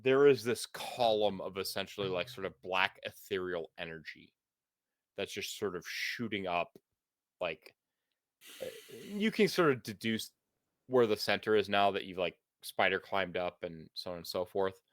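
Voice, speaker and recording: A man's voice: low voice, animated, normal speed, no echo, clean studio sound. A man narrating as game master in a tabletop role-playing game, loose and full of "like"s. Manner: loose, filler-heavy narration with "like".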